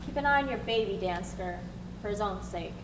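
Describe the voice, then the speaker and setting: A woman's voice: mid-range voice, expressive, fairly quick, natural voice. A woman playing a cold, menacing male naval master-at-arms who gives clipped commands in a live stage play. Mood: cold, commanding. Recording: roomy stage, distant mic, noise.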